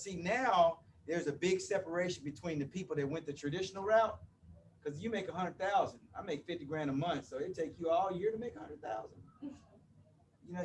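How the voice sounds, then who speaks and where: A man's voice: sits high, far from the mic, a little hiss or hum. A man of about fifty giving a live motivational talk to an audience, playful and chatty, often checking in with the crowd. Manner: playful, banters with the crowd, often asks "you with me?". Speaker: motivational speaker. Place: event room before a live audience.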